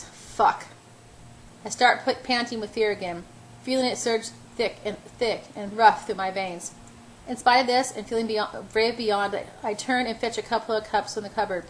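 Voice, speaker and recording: A woman's voice: medium pitch, slight background noise, rough recording. A woman reading a first-person novel aloud in an unpolished way, stumbling over words and correcting herself. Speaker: audiobook reader.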